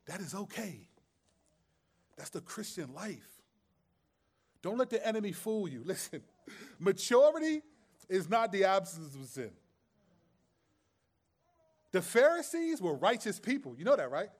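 A man's voice: high voice, big pitch swings, a little slow, pauses often, husky. A man preaching a sermon as pastor, conversational and streetwise, with humor and rhetorical questions.

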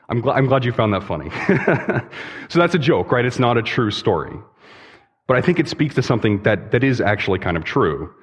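A young man, a pastoral intern, giving a sermon in a church, relaxed and conversational in his storytelling. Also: fairly low pitch, slightly rough. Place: church sanctuary. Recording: long reverb in a church hall.

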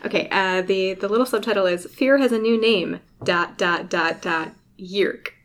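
A woman's voice: medium pitch, normal speed. A woman co-hosts a casual podcast, chatting animatedly and laughing at her own bad guesses. She hesitates with ums while she talks. A faint noise hums under her voice. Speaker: podcast co-host. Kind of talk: casual chat.

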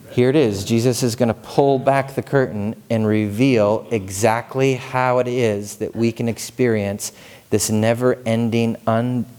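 A male pastor preaching a sermon in a church, energetic and casual, playfully urging the congregation to join in. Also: on the low side.

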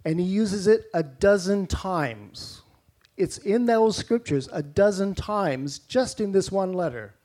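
A man's voice: high-pitched, animated, takes it slowly, dark tone. A man with a Canadian accent preaching a sermon in a conversational way, with rhetorical questions and mock-incredulous asides.

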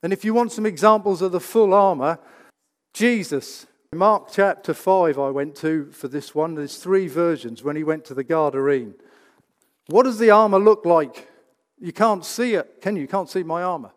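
A man's voice: high-pitched, moderate pace. A man preaching a sermon in a church, emphatic and full of rhetorical questions. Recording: reverberant church hall.

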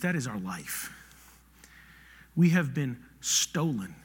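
A man preaching a sermon as the pastor, animated and conversational, swinging between loud emphasis and hushed, near-whispered passages. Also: mid-range voice, takes it slowly, breathy edge. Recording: reverberant hall.

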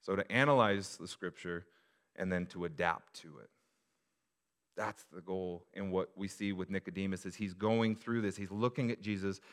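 A male pastor preaching a sermon to his church, moving from quiet reflection to loud, emphatic appeals. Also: low-pitched, steady tone, normal speed.

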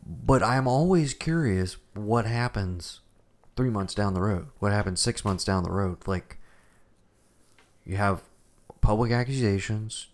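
Low-voiced man musing on a podcast. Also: measured pace. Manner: thoughtful, hedging, many restarts. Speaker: podcast co-host. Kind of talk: casual chat.

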